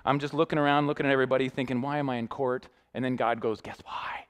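A young man, a youth pastor, preaching a sermon built around a personal story, talking in an animated way and acting out the people he quotes. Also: mid-range voice, racing, smooth. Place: church sanctuary.

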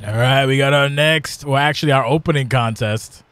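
A man hosting a live stream and calling a wrestling video game match play by play, animated and jokey, shouting at the big moves. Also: medium pitch, normal speed, clear, resonant tone. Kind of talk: excitable play-by-play game commentary.

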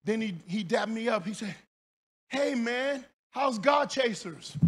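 A male pastor preaching a sermon in church, telling stories with shouts, laughter and playful asides to the congregation. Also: extremely high pitch, animated, measured pace, some chatter behind.

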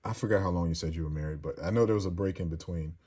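Man, very deep voice, casual host chat, crude jokes, rambling. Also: very fast, dark tone, husky. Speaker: host reading viewer comments.

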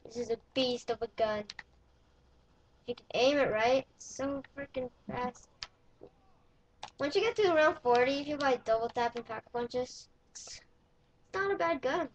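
A woman giving casual gameplay commentary, excitable and playful, often yelling when in danger. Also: high voice, normal speed, pauses often. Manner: playful, swaps swearing for mild words. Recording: dull lo-fi recording with faint noise.

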